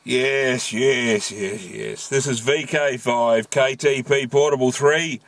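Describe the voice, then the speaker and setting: A man's voice: mid-range voice, fairly even intonation, slow, fairly bright tone, no echo. An Australian man chatting on amateur radio from a bush campsite, joking and using call signs. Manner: jokey, uses radio call signs and slang. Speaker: amateur radio operator, travel vlogger. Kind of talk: casual ham radio chat.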